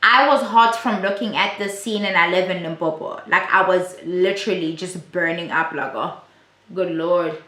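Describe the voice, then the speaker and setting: A woman's voice: fairly low pitch, steady tone, normal speed, few pauses, pushed and bright. A woman giving a chatty, blunt and profane casual recap of a reality show. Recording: roomy echo.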